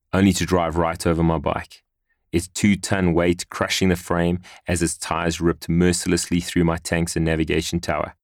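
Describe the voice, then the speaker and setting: A man reading a first-person memoir in a measured, earnest storytelling manner. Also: deep voice, dry recording, clean studio sound. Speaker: narrator.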